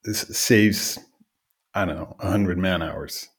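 Deep, husky-voiced male host. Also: slow pace. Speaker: podcast host. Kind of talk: casual conversational interview.

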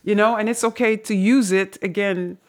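A woman's voice: medium pitch, moderate pace. Woman on a podcast telling a story, lots of laughs, acts out what people said, voice goes up and down. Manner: animated storyteller, laughs often, acts out quotes. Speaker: podcast co-host. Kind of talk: casual podcast conversation.

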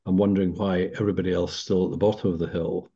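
Low-voiced older man, thoughtful and measured. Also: level tone, dark tone, husky. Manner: measured, thoughtful, with hesitant restarts. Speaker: podcast guest, senior business leader. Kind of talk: reflective interview answers. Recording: dull lo-fi sound.

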